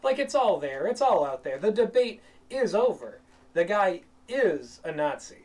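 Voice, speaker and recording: A man's voice: high voice, big pitch swings, unhurried, a little mellow. A man in a played video clip giving dismissive, emphatic commentary. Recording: distant audio of a played clip.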